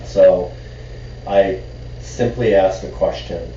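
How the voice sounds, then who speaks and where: A man with a low voice tells a rambling story in casual podcast chat, stumbling over restarts and perking up when amused. He sits a little away from the mic in an echoey room. The sound is dull, with faint hiss underneath. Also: moderate pace, darkish tone, far from the mic. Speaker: podcast co-host.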